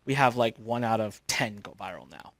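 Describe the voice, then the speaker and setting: A middle-aged man hosting a course, telling a story in an animated way and acting out the dialogue he quotes. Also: lowish voice, moderate pace, no echo. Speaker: course host.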